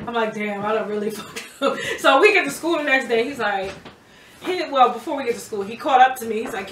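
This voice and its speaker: A young woman, a rapper, telling stories in a casual interview, animated and often laughing. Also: on the high side, fairly quick, far from the mic. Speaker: rapper guest. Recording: roomy echo, off-mic, faint background noise.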